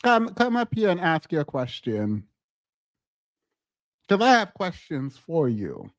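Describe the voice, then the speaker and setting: A man co-hosting a casual live-stream commentary, animated and laughing as he mocks chat commenters. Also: fairly high pitch, slow, dry recording.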